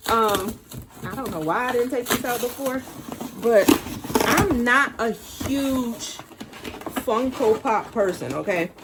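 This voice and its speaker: A woman with a Detroit accent chatting excitedly to viewers as she unboxes a sneaker merch haul. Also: a little high, slow pace, very noisy. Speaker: sneaker vlogger. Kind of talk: casual unboxing haul vlog.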